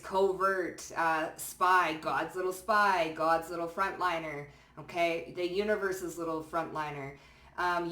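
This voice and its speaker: Woman tarot reader, fairly low voice, casual and chatty, swears freely, roomy sound a little off the mic. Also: fairly bright tone, recorded from a distance. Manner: chatty, swears casually, frequent "okay?" and "you know what I'm saying?". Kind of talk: casual pick-a-card tarot reading.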